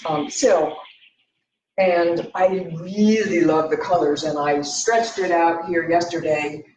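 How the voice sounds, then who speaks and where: A woman's voice: fairly low pitch, darkish tone, roomy sound, a little hiss or hum, poor audio. A woman from the United States, a painter, chatting casually in her studio while thinking aloud, a little out of breath, recorded on a laptop. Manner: thinking aloud, rambling and halting. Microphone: laptop microphone.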